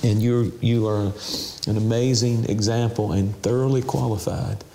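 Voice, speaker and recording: A man ministering on television, talking with deep emotion and tears, preaching and leading a slow prayer. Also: steady tone, gravelly, mellow, roomy sound, slight background noise. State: crying. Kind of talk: televangelist interview and altar call. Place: house.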